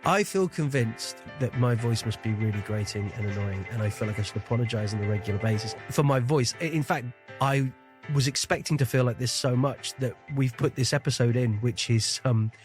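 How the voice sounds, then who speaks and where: A man who grew up in the Shetland Islands and speaks with a faded, neutral accent, hosting a podcast in casual chat, self-deprecating and quick to laugh. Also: medium pitch, music in the background. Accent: neutral, faded Scottish. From Shetland Islands, Scotland. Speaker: podcast host.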